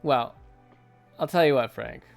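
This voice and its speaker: A man's voice: medium pitch, a little slow, gravelly, soft background music. A man in his thirties from the United States, chatting casually with viewers while drawing on a livestream, rambling and laughing often. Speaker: artist streamer. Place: home studio at night.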